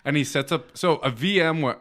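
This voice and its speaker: A man's voice: a little high, fairly quick, fairly bright tone. A man co-hosting a podcast, telling rambling stories in casual chat and swearing freely. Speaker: podcast co-host.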